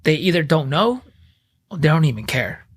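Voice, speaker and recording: A man in his thirties, a podcast guest, telling his story in blunt, profane, animated casual speech. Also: fairly high pitch, normal speed, breathy edge.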